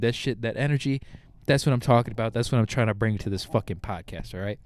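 A man's voice: fairly low pitch, fairly even intonation, fairly quick, a little mellow. A young man hosting a solo podcast in a studio, rambling in a hyped, profane, casual way. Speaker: podcast host.

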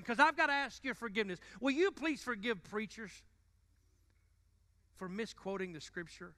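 A male pastor with a twang delivers a sermon in a church. He has a high, bright voice. He jokes with the congregation, then jumps from loud bursts to quiet asides. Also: normal speed, long pauses. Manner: joking and conversational, swinging between loud bursts and quiet asides. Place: church sanctuary.

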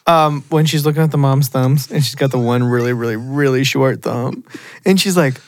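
A podcast co-host in a casual movie review chat, excitedly acting out lines from the film and laughing often. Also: medium pitch, normal speed, no echo, clean studio sound. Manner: animated, acts out movie quotes, laughs often.

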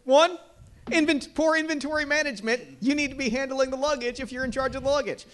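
A man acting as game master, talking in a mock-managerial, deadpan boss tone. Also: very high-pitched, fast. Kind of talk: improvised tabletop game narration.

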